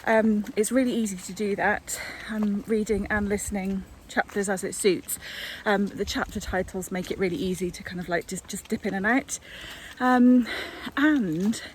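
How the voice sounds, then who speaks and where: A woman's voice: mid-range voice, steady tone, moderate pace, slight background noise. A woman, chatting casually in a book vlog, rambling along with plenty of fillers. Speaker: book vlogger.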